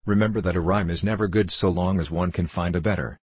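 A stern, exacting writer scolds in curt, clipped tones, as a man reads him. The voice is deep and a little husky. The sound is dry and close. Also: fairly even intonation, quick pace, dry recording. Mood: cross. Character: cross, exacting male writer, stern critic. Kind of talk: audiobook character reading.

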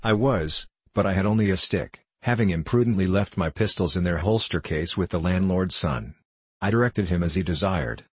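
A man with a very low, husky voice playing a polite, formal young gentleman in an audiobook. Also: lively intonation, moderate pace, no room sound. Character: young gentleman, polite and earnest, recounting a robbery.

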